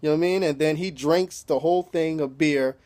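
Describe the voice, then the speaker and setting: A man in a laid-back spoken recap of a TV episode, his voice sitting a little higher than most men's. He talks loosely and swears freely, leaning on "you know" over and over and breaking into small chuckles as he retells scenes. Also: a little fast, a little mellow. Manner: loose and profane, constantly says "you know". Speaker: TV episode reviewer.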